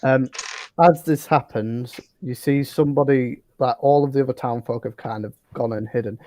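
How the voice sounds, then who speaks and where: A man's voice: mid-range voice, fairly even intonation, normal speed, darkish tone, no room sound. A man narrating as game master in a casual tabletop game, hesitant and loose.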